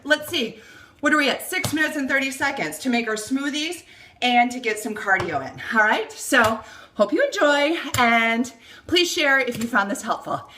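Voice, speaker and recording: A woman fitness instructor coaching a quick kitchen workout, counting reps and out of breath. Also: sits high, lively intonation, sharp tone, a little hiss or hum. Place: home kitchen. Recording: echoey room, voice from a distance. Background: kitchen clicks, blender.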